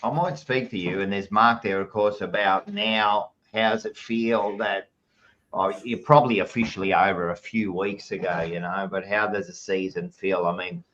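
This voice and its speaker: A man's voice: deep voice, fairly even intonation, moderate pace, fairly bright tone. Brash Australian man hosting footy chat, lo-fi. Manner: brash, swearing banter. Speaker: podcast host. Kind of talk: casual footy chat and plugs.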